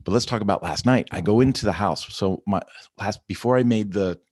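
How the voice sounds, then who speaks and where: A man's voice: fairly low pitch, brisk, darkish tone, breathy edge, dry recording, clean studio sound. A middle-aged man hosting a casual morning check-in vlog, talking in an upbeat, rambling way with lots of "right?" and "you know.". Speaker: vlog host.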